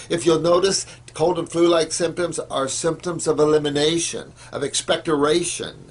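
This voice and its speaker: Man, gravelly and husky, informal health lecturer, emphatic and repetitive delivery. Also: fairly high pitch, fairly even intonation, moderate pace, few pauses. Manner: emphatic, repetitive, lots of fillers. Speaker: health educator.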